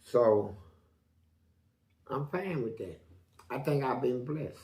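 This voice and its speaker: Here a man being interviewed tells his stories slowly, voicing the characters himself in profane street talk. His delivery is lively, with dramatic pitch jumps on the quotes, and the recording has a roomy feel.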